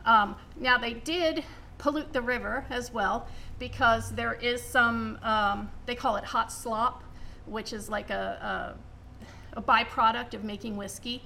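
A woman's voice: fairly high pitch, steady tone, measured pace, creaky, bright, forceful tone, a little hiss or hum, poor audio. A woman researcher explaining local history in a matter-of-fact way, with many ums. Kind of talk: casual explanation.

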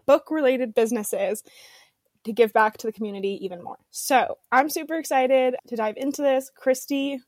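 A woman's voice: high-pitched, normal speed, a little mellow, no room sound, clean studio sound. A woman hosting a book podcast, chatting casually with lots of fillers and giggles. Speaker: podcast host and romance author. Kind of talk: casual chat.

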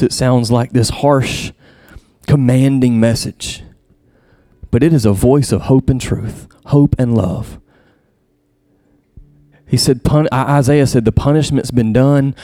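A man's voice: dry recording, clean studio sound. A man preaching a sermon, reading scripture aloud and repeating himself as he searches for words, his voice climbing when stirred. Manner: passionate, rises high and loud when stirred. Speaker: pastor.

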